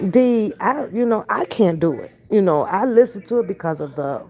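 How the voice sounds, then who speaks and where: A woman's voice: on the low side, animated, a little slow, a little mellow. An older woman chatting bluntly to her viewers from her kitchen, profane and emphatic, stretching out her words. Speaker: reaction channel host. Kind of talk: casual commentary to viewers. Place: home kitchen.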